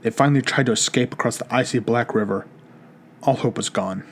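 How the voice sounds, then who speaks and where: A man's voice: mid-range voice, fairly quick, a little hiss or hum, natural voice. A man doing a stern old Russian grandfather. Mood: grave. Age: older.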